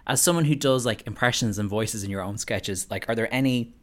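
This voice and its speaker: A woman with a strikingly deep, low voice hosts a casual chat. She is playful and laughs easily, and she quotes lines with relish. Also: a little fast. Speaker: podcast host.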